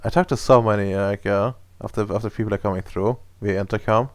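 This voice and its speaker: A man's voice: lowish voice, fast, dry recording, natural voice. A man voicing an eager, stammering male crew member who is obsessed with bacon, in a tabletop game. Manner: excitable, stammering.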